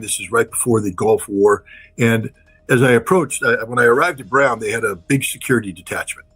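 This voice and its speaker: A man's voice: fairly low pitch, fairly bright tone, slightly rough. A man giving impassioned, blunt political commentary as a guest, repeating phrases for emphasis.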